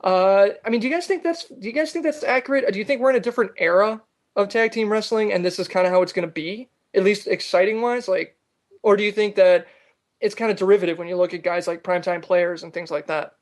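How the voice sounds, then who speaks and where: A man with a high voice talks fast while hosting a casual wrestling podcast. He is animated, reads listener comments aloud, and fills his speech with lots of "uh."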